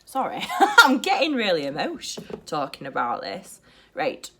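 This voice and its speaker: A young British woman chatting to camera in a blunt, profane and animated way. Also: lowish voice, normal speed, slight background noise. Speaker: vlogger. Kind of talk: casual to-camera chat.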